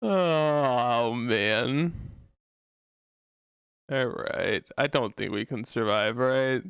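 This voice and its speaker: A man commentating his own card game, pleading and groaning at bad luck with loud anguished outbursts. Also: medium pitch, fairly even intonation, measured pace, gravelly, smooth, dry recording, studio quality. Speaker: gameplay commentator.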